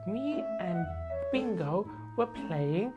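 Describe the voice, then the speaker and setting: A woman's voice: mid-range voice, animated, very slow, warm tone, dull audio, soft background music. A woman voicing a timid, childlike puppet patient who talks in sweet, earnest, childish phrases. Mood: worried.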